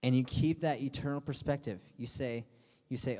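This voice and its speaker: Young guy youth pastor rambling casually at a youth service, mid pitch, lots of hall echo. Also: brisk, dark tone. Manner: casual and chatty, full of fillers, acting out friends' voices for laughs. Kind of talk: youth sermon. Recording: long hall reverb.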